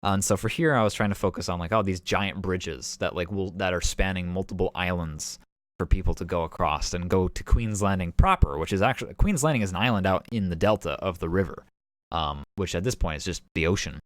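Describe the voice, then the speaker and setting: A man's voice: deep voice, fairly quick, no room sound, clean studio sound. A man talking casually as game master, recapping a tabletop session in a rambling way full of fillers and restarts. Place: home streaming setup.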